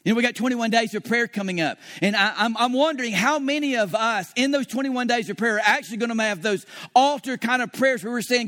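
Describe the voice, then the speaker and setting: A man's voice: extremely high pitch, a little fast, few pauses, pushed and bright. A man preaching a sermon as pastor, telling a story and acting out his own past dialogue.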